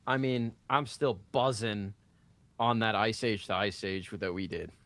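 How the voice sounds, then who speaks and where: A man casting a card-game stream, chatting in an animated, jokey way over a video call. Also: on the low side, unhurried, dry recording. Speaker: game caster. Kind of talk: casual stream chat.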